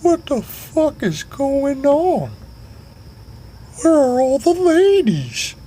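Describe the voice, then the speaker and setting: A man voicing a drunk loudmouth old man with a shrill, whiny voice. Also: wildly swooping pitch, extremely slow, full character voice.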